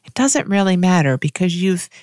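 A woman giving a reflective spiritual monologue, musing aloud with frequent restarts and soft laughs. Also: lowish voice, animated, moderate pace, no room sound, studio quality.

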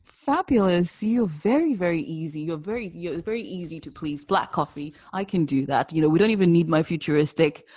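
Talkative lady hosting a podcast, lowish voice, dry sound. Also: expressive, fairly quick, a little mellow, husky, dry recording. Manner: chatty, talkative, lots of fillers. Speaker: podcast host. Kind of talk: casual conversational interview. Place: virtual cafe podcast.

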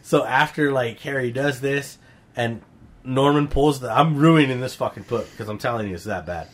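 This man is a podcast co-host in a casual chat, retelling a comic book he disliked. He rants, swears often and piles on one outraged beat after another, with a voice of ordinary middle pitch. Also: normal speed. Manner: heated, profane storytelling.

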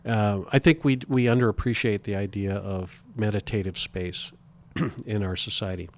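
Earnest low-voiced man, halting restarts. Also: fairly even intonation. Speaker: guest. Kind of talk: reflective interview talk.

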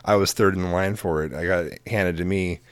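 A man's voice: low voice, fairly even intonation, brisk, dry recording. A man co-hosting a podcast, chatting casually in a rambling, filler-heavy, casually profane way. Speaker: podcast co-host. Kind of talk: casual chat.

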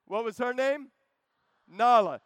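Brief: man in his thirties, lively camp sermon, high voice, dry close sound. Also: slow pace, clear, resonant tone, no room sound. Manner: joking, animated, calls to the crowd. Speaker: preacher.

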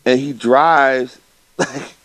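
A man in casual movie review chat as a podcast co-host, animated and mocking, acting out scenes. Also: mid-range voice, very slow, dry recording, low-quality recording. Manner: animated, mocking, acts out scenes in raised voices.

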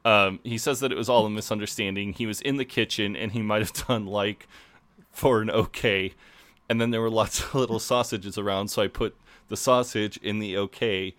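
Low-voiced man, podcast co-host. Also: steady tone, normal speed, a bit bright, no echo. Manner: laughing, swearing storyteller who acts out quotes. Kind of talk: casual chat recapping a TV episode.

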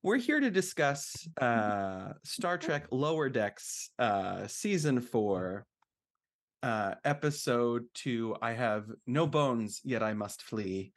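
A man's voice: medium pitch, lively intonation, slow pace. A man hosting a casual podcast chat, joking and rambling with lots of fillers. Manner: jokey, rambling with many fillers. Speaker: podcast host.

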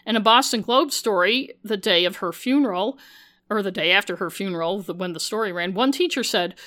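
This true-crime podcast host, a former journalist, talks fairly fast in a mid-range, slightly bright voice. She keeps the narration loose, with snarky asides and lots of swearing.

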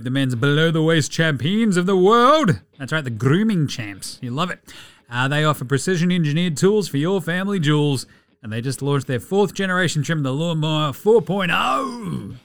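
Aussie male podcast host, cheeky banter, slightly high voice, dry close mic, faint music bed. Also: fairly quick, smooth, no echo. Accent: Australian. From Australia. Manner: jokey, irreverent, lively banter. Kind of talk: casual podcast chat and host-read ad. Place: podcast studio.

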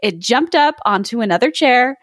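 A woman's voice: on the high side, lively intonation, normal speed, no echo, clean studio sound. A woman reading a folk tale aloud to friends, with chatty, amused asides. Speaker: story reader and host. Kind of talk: casual storytelling read-aloud.

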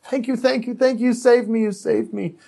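A man voicing a small trapped dog that pleads for help in a high, squeaky voice, within a story he is telling. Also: fairly even intonation, moderate pace, vocal fry, mellow, heavily acted. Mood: grateful. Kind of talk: acted quote in a told story.

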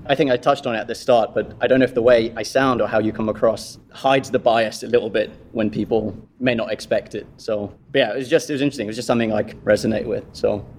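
A man's voice: lowish voice, fast talker, few pauses, slight background noise. A man from Kenya with a British accent, asking questions in a casual, chatty way during an interview. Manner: relaxed, chatty, laughs easily.

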